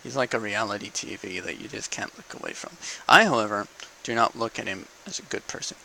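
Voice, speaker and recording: A man's voice: lowish voice, lively intonation, a little fast, gravelly, bright, forceful tone, rough recording. A young man in a casual, profane political rant to camera, asking "okay?" between points. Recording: faint background noise.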